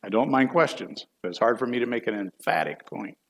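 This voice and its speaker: A man's voice: medium pitch, animated, brisk, fairly bright tone. A middle-aged man, a church elder, teaching a Bible class in a folksy, chatty way and putting questions to the class.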